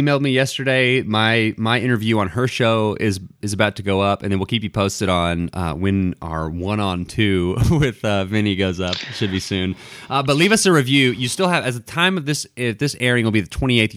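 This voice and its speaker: A man's voice: on the low side, fairly bright tone, no room sound, studio quality. A man co-hosting a podcast in casual banter, rambling with lots of fillers and restarts. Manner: rambling, self-deprecating, with many fillers and restarts. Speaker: podcast co-host.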